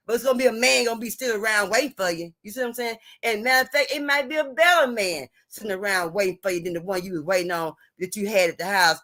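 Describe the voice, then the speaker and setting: A woman's voice: a little high, a bit bright. A middle-aged or older woman lecturing viewers on relationships in a blunt, preachy way, often asking if they hear her. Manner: preachy, repeats "you hear me?" and "you see what I'm saying?"; blunt and salty, drawn-out emphasis. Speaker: vlogger giving relationship advice. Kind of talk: emphatic advice rant to viewers.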